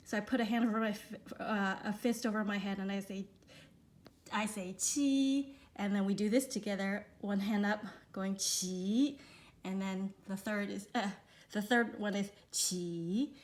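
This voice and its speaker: A woman reviewing children's learning books for her child, talking in a relaxed way with frequent fillers and demonstrating sounds. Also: mid-range voice, normal speed. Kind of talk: casual instructional review.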